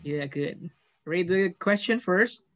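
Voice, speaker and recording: Patient slow-talking Indonesian teacher. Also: male voice, sits high, lively intonation, a bit bright, dull audio. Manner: patient, calls on pupils by name and explains grammar step by step. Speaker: English teacher. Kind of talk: online class teaching. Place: online meeting from home. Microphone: video call.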